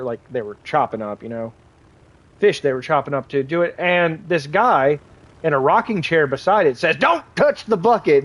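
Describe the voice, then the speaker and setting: Young guy streaming games, kinda high voice, rambles and swears a lot, lots of likes and ums. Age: young adult. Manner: rambling storyteller, swears freely, many fillers. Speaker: gaming streamer. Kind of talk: casual live-stream chat while playing.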